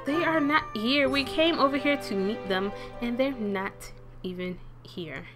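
A woman's voice: measured pace, over music. A young woman giving casual, chatty commentary while playing a life-sim game, talking straight to her characters. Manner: chatty, talks to the game characters, bursts of excited high pitch. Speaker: let's play gamer.

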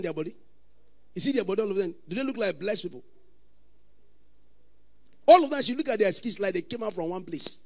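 A man with a Nigerian accent preaching a sermon as pastor, often breaking into sudden shouts. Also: sits high.

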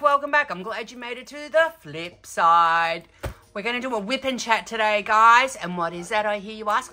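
A woman's voice: mid-range voice, bright, forceful tone. A chatty Australian woman vlogging from home about her craft project, bubbly and a little out of breath. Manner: chatty, bubbly, talks to her pet between remarks. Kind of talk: casual chat to camera.

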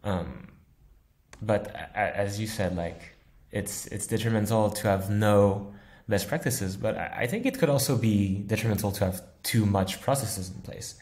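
Low-voiced engineer guest, thoughtful. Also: male voice, moderate pace, darkish tone. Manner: thoughtful, laughs easily, uses analogies. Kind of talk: casual interview answers.

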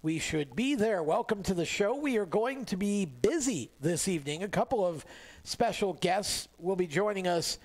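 A man hosting a motorsport radio show, talking in a relaxed, chatty way with plenty of fillers and restarts, recorded in a radio studio. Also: high voice, moderate pace. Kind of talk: casual motorsport radio talk.

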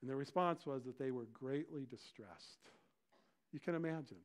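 A middle-aged male pastor preaching a sermon in an animated way, often acting out the voices of crowds and disciples. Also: medium pitch, moderate pace.

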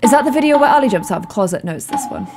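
A young woman with a Yorkshire accent, reacting to her old videos in an animated, self-mocking, exclamatory way. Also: on the high side, racing, music in the background. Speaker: YouTuber host.

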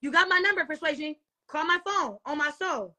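A woman's voice: sits high, a little fast, pushed and bright. A young woman ranting on a livestream, profane and defensive, repeating herself. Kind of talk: heated livestream rant.

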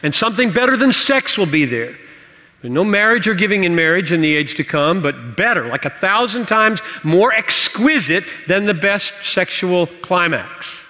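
A man preaching and answering questions in a church teaching session, animated and playful, laughing at his own jokes. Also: sits high, normal speed. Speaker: pastor. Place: church hall. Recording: church hall reverb.

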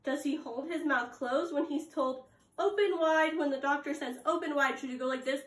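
A woman's voice: high-pitched, fairly even intonation. A young adult woman teaching preschoolers at circle time, reading aloud and prompting them with gasps and questions. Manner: slow, sing-song, exaggerated gasps and prompts to children. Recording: echoey room.

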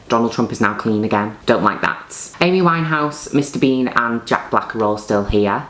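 Chatty, very low-voiced woman. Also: fairly bright tone, roomy sound. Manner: chatty, exclamatory and camp. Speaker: host. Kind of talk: let's play commentary.

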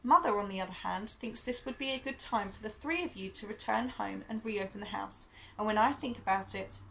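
A woman reading the part of a stern, weary father, speaking in a measured, grave way. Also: mid-range voice, creaky, fairly bright tone, a little hiss or hum, low-quality recording.

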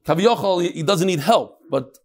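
A man teaches a daily Talmud class with a slightly raised pitch, working through ideas out loud. He throws questions at his listeners and keeps the pace moving. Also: moderate pace. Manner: animated, thinks aloud and asks the room questions. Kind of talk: daily Talmud class before a live audience.

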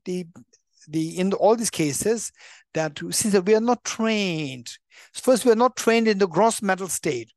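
A man's voice: sits high, no room sound. Man, Buddhist teacher, emphatic, restarts words, English, dry close sound. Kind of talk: dharma teaching. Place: teaching center room.

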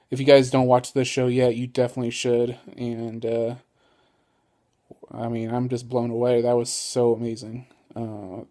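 Laid-back man vlogging casually. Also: mid-range voice. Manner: easygoing, rambling with many ums and uhs; excitable, gushing. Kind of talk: casual vlog chat.

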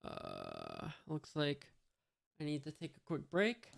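A man's voice: a little high, huge pitch swings, takes it slowly, gravelly, no echo. A man reading a comic aloud in a casual, hesitant way, full of fillers and reading out sound effects. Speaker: manga reader.

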